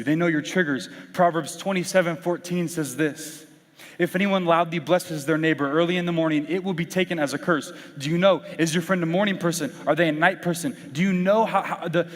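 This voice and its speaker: A young man giving a youth sermon, mixing Bible verses with casual, animated storytelling and acted-out quotes. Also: a little high. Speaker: youth pastor. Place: large hall with audience. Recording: reverberant hall.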